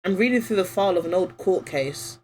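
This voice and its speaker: A woman's voice: lowish voice, expressive, brisk, a little hiss or hum, lightly acted, poor audio. A woman reading the lines of a young male lawyer who recalls an old case, in plain reflective narration.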